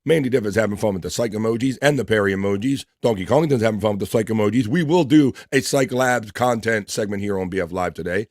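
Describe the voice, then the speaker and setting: This is a man with a lowish voice hosting a laid-back livestream. He reads chat messages out one after another and throws in quick greetings and crude asides. The sound is dry and close, with no room around it. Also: no echo. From East Coast of the United States. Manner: reads viewer messages aloud with running shout-outs, loose and profane. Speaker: livestream host reading chat.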